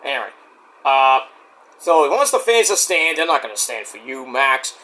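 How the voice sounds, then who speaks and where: A man giving a casual solo review of a wrestling show, rambling and loudly acting out quotes. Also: mid-range voice, big pitch swings, moderate pace.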